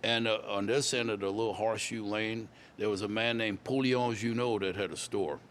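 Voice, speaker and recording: An older man with a fairly low voice, telling rambling stories in a relaxed interview. He circles back, repeats words, and restarts his sentences. A faint hiss of noise sits behind him. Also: moderate pace. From Louisiana. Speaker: guest musician. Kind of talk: casual storytelling interview.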